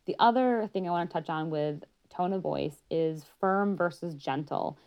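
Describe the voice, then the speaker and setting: A woman's voice: fairly low pitch, moderate pace, darkish tone, smooth. A woman working as a pediatric therapist gives a conversational educational talk, showing her points by acting out tones of voice.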